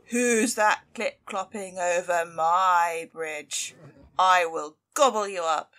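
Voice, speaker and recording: A woman playing a big greedy storybook troll. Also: lowish voice. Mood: menacing. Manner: loud, slow, bellowing threats. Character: big greedy bad-tempered troll under a bridge.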